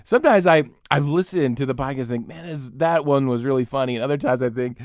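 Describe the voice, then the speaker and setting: Animated joking man with a smooth voice. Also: on the high side, fast talker, hardly any pauses, dry recording, clean studio sound. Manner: animated, joking, laughs often. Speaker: podcast host and pastor. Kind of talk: comic podcast rant.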